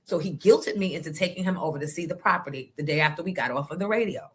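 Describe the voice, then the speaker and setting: A middle-aged woman radio host telling stories with blunt, profane energy. Her voice is bright and forceful, and it swings widely up and down as she talks. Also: lowish voice, lively intonation, quick pace. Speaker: radio morning show host. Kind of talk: casual storytelling chat.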